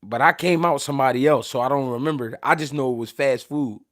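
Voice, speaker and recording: Here's a show host from Philadelphia, USA, talking at a quick pace with a medium-pitched voice. He tells relaxed stories in an animated, profane, slang-packed way, restarting sentences again and again.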